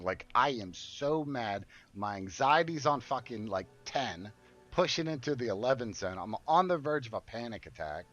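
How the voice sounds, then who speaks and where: A man's voice: mid-range voice, a bit bright. A man streaming a game who tells a story in a casual, profane and indignant way, with heated outbursts. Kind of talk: casual storytelling while gaming. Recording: muffled lo-fi audio.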